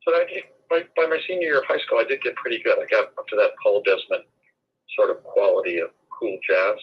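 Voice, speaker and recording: Husky-voiced man in his 60s, lo-fi line. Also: fairly low pitch, a little fast. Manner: rambling, digressive storyteller. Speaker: guest. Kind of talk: long-form interview storytelling.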